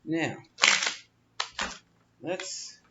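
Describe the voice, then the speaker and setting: With drawn-out words, a man reads tarot cards in a chatty, coaching style, reassuring, repeating himself, and laughing often. The recording is very noisy as well as dull and lo-fi, with faint room ambience.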